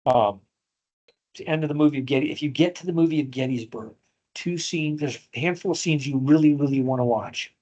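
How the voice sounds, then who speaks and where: A man's voice: a little high, a little fast, a little mellow, muffled recording. A man teaching a history class, telling a battle story with strong feeling and acting out the quotes. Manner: emotional storytelling, acts out quotes.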